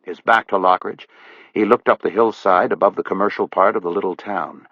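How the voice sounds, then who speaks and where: A man reading an audiobook thriller in measured scripted narration. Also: deep voice, steady tone, no echo. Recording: dull lo-fi dry audiobook recording.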